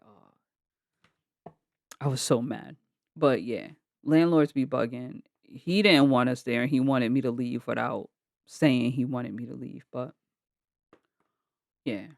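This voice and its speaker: A woman's voice: extremely low pitch, gravelly, a little mellow, dry recording, clean studio sound. A woman vlogger telling a story casually and bluntly, swearing freely while retelling arguments. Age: adult with kids. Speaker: vlogger reacting to a video.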